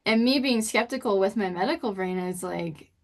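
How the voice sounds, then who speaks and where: Casual woman guest on a podcast, chatty and expressive, middle-aged. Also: fairly quick. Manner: expressive, pitch jumps when acting out quotes. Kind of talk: casual storytelling interview.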